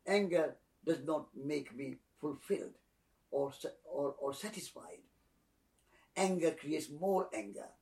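A man speaking as a spiritual teacher, slow and soft-spoken, repeating phrases like a litany. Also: a little high, animated, far from the mic. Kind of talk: calm reflective teaching.

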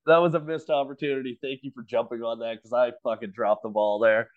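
A man's voice: mid-range voice, steady tone, fast talker. A man co-hosting a podcast from home over a remote call, telling a story in casual chat with lots of swearing and laughter. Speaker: podcast co-host. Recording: slightly dull, lo-fi remote audio.

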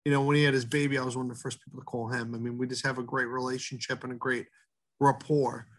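A middle-aged man, a head baker, talking earnestly in an interview, halting often with fillers and restarts. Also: medium pitch, little pitch movement, fairly bright tone. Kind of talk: casual interview talk.

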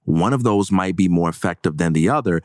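Lively, storytelling man with a low voice. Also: a little fast, no room sound, clean studio sound. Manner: animated storyteller, playful voices for examples. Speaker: podcast guest. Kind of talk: casual podcast discussion.

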